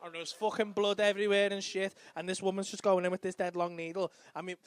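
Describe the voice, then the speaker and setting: A man doing a stand-up comedy set on a club stage, telling a profane, animated story into a handheld mic with audience laughter behind. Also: sits high, fast talker, clean tone, some chatter behind.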